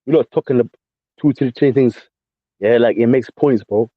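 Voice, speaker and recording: In a mid-range voice at normal speed, a caller with a London accent argues combatively in a voice chat, repeating himself and addressing people as mate and bro. The recording is dry, with the dull quality of lo-fi voice chat audio.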